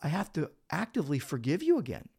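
A man's voice: on the high side, quick pace, gravelly, breathy edge. A man who is a pastor, talking through Bible verses in a casual podcast discussion and acting out little scenes as he explains. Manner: animated storytelling, acts out quoted speech.

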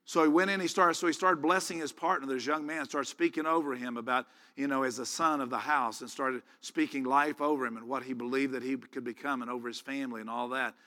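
A man's voice: mid-range voice, fairly even intonation, fast talker, hardly any pauses, sharp tone, long reverb tail. A man preaching, retelling a personal story in a folksy, rambling way full of restarts. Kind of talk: storytelling sermon.

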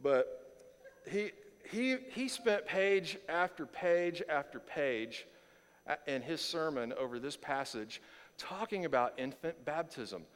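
A man preaching a verse-by-verse sermon as pastor, conversational and animated, full of rhetorical questions, speaking in a church sanctuary. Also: fairly high pitch, takes it slowly, clear, resonant tone, in a large hall. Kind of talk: expository sermon.

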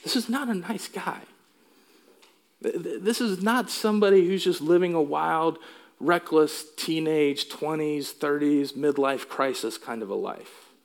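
A man's voice: a little high, measured pace, creaky. A male pastor delivering a sermon in an emphatic way, asking the congregation questions. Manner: emphatic, asks the room questions.

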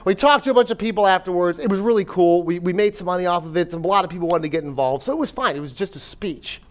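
A man giving a sermon-style talk, telling a personal story in an animated way, with fillers and acted self-talk. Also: sits high, fast. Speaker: speaker at a church.

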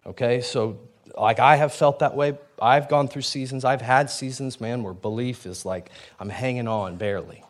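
A man preaches in a loose, conversational way, stopping to restart sentences and add asides. His voice sits at an ordinary middle pitch. He sounds animated and engaged throughout. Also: moderate pace. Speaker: pastor. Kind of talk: sermon.

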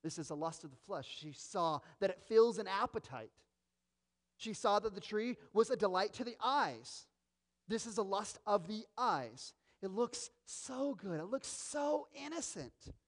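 A male pastor preaching a sermon, expressive and dramatic, acting out quoted voices as he teaches. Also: high voice, normal speed.

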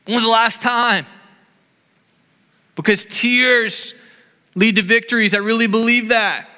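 A man's voice: very high voice, fairly even intonation, unhurried, pushed and bright, clear, resonant tone, big-room sound. A man in his thirties preaching a sermon in an earnest, impassioned way. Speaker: pastor. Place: church hall.

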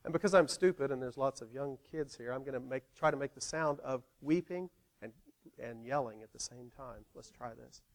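A male pastor preaching in an animated, conversational way, playfully involving the congregation. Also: medium pitch, moderate pace. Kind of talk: sermon.

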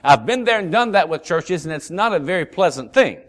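A man's voice: fairly high pitch, fairly quick. A man preaching a sermon and telling a humorous story, acting out the voices of the people in it. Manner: folksy storyteller, acts out voices, lively. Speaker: pastor.

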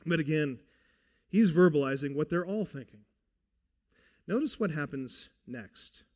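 A man delivers a sermon in a slow, deliberate cadence. His voice sits a little high for a man, and he presses his points home with earnest, emphatic questions. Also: lively intonation, darkish tone, long reverb tail. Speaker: pastor.

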